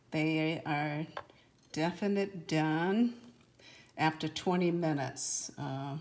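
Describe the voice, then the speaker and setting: A woman hosting a home cooking video, talking in a homey, unhurried way as she shows her baking. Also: fairly low pitch, darkish tone. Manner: homey, unhurried, repeats itself. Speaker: cooking channel host. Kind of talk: casual cooking demonstration.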